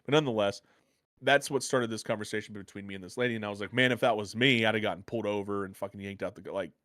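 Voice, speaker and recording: An American man telling a rambling, profane story in a casual podcast chat, getting excited as he goes. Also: on the low side, rapid-fire, no echo, studio quality. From United States. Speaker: podcast co-host.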